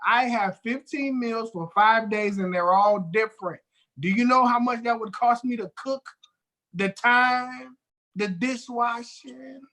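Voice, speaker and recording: A man co-hosting a podcast in a casual chat, blunt, teasing and quick to swear. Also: very high-pitched, pushed and bright, poor audio. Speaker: podcast co-host.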